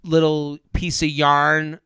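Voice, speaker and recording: A man's voice: fairly high pitch, monotone, takes it slowly, fairly bright tone, clean tone, no room sound, studio quality. A man co-hosting a casual podcast, talking animatedly and acting out quotes in mimicking voices, with frequent laughs. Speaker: podcast co-host. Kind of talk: casual chat recapping a reality show.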